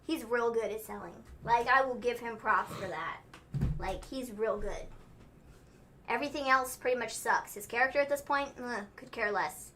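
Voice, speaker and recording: A young woman chatting casually on a livestream, high in pitch and bright in tone. She talks in a chatty, exclamation-filled way and giggles often. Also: normal speed, slight background noise. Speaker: co-host.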